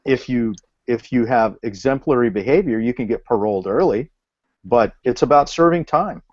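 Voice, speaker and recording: Measured man arguing over a video call. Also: medium pitch, lively intonation, dry recording. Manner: measured, explanatory, building an extended argument. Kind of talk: casual video call discussion. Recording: dull dry video call audio.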